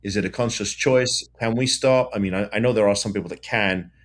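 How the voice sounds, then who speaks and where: A man with a fairly low voice hosts a podcast interview. He is conversational and curious, and he presses his guest with follow-up questions. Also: brisk. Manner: inquisitive, conversational, asks probing questions. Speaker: podcast host, lawyer.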